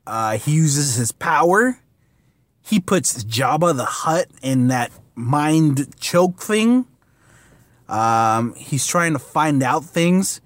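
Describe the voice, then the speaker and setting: A man's voice: fairly high pitch, expressive, slow, no echo. Man, casual comic review, rambling, filler words, slangy, dry sound.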